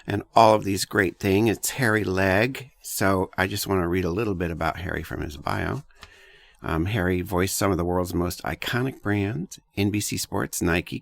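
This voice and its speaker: A man hosting an interview podcast, speaking in a friendly, halting way with frequent self-corrections. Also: low voice, creaky, fairly bright tone. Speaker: podcast host. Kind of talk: casual interview chat.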